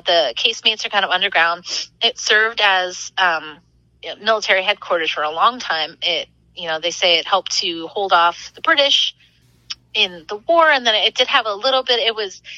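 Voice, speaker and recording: A young woman, a podcast guest and author, chatting excitedly about her experiences and laughing often as she tells stories. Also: medium pitch, no room sound, low-quality recording. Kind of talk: casual storytelling.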